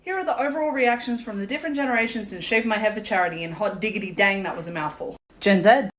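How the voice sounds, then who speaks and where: A woman narrating a comedy sketch, putting on exaggerated voices and swinging between shouts and mumbles. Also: mid-range voice, quick pace.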